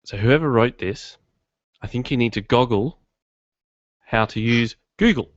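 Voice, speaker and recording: In his garage home studio, a man hosts a podcast with a mid-range voice that moves a little slowly. His chat is casual, meandering and self-deprecating. The recording sounds dull and lo-fi, dry with no echo.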